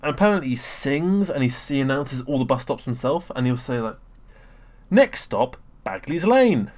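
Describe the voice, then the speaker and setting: Young British guy, mid-range voice, doing a loose, sweary, excitable monologue full of tangents and "um"s. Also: fairly quick. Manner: rambling and sweary, with frequent fillers and self-interruptions; excitable, often jumping up in pitch and loudness. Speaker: vlogger. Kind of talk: casual rambling rant.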